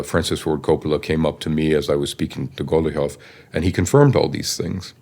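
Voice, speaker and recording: A man with an extremely deep voice tells a rambling behind-the-scenes story. His delivery is chatty and animated, like someone recounting a lucky coincidence to a friend. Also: gravelly. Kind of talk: anecdotal interview storytelling.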